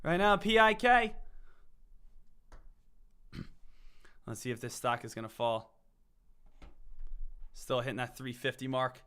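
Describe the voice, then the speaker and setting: A man streaming live stock trades, narrating the chart with repeated chants and bursts of shouting. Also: medium pitch, slow, long pauses, clear, resonant tone. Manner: hyped, repetitive chanting, swings from shouting to calm. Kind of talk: live trading commentary.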